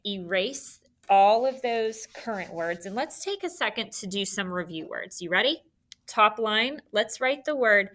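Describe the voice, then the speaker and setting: A young woman teacher walks children through a spelling lesson, patient and encouraging. She talks slowly, with a bright, forward tone and a voice on the lower side, spelling out each word letter by letter.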